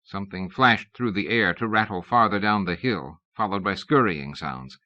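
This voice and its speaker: A male audiobook narrator with a low voice and lively inflection, telling the story in a measured, wry way. His tone is bright and forceful. The reading comes from a dull, lo-fi cassette recording.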